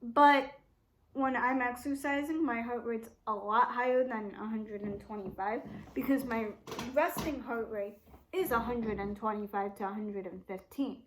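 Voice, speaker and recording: A woman's voice: a little high, fairly even intonation, unhurried, noisy background. A young woman vlogging a life update at home, rambling and quoting herself and others over and over. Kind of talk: casual life update vlog. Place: room at home with door shut.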